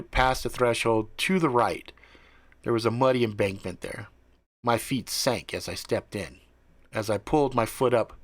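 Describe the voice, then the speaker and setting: A man spins an improvised first-person tale at an unhurried, drawn-out pace. His delivery is relaxed and profane, and the sound is close and dry, with no room echo. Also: fairly low pitch. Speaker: storyteller.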